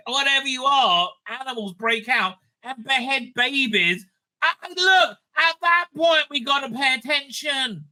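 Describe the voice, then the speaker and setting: Tense, sharp-voiced man ranting profanely. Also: extremely high pitch, moderate pace. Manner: profane, rambling, animated rant with many restarts. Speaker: rabbi and online commentator. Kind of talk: rambling casual commentary.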